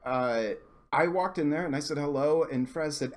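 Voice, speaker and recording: A male podcast host in casual chat, animated and self-deprecating, who laughs often. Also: a little high, moderate pace.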